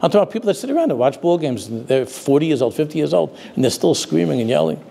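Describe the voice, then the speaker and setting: A man's voice: a little high, very animated, very fast, gravelly, dark tone, a little hiss or hum. An older man, a rabbi giving a sermon, telling stories and dropping Yiddish and Hebrew words into his talk.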